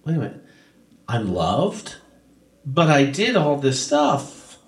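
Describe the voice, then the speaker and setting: A man's voice: mid-range voice, big pitch swings, slow. A man voicing an ashamed young son who hesitantly asks to come home as a servant. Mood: humble. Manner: subdued, hesitant. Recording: roomy echo.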